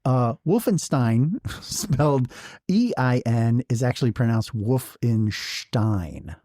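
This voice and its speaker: A man co-hosting a podcast, rattling off quick corrections in casual chat and laughing easily. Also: mid-range voice, big pitch swings, warm tone, no echo, clean studio sound. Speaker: podcast co-host.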